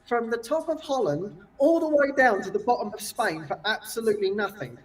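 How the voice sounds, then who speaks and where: Animated high-voiced man telling stories. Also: fairly quick. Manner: animated storyteller, acting out quoted voices, often adding "yeah?". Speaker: retreat leader and guest. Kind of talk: casual storytelling. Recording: voice distant from the mic.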